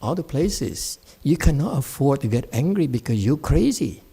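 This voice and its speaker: A man's voice: medium pitch, big pitch swings, moderate pace, mellow, slightly rough. A man, a Buddhist monk, giving a dharma talk to his class in a blunt, scolding and mocking way. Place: meditation center.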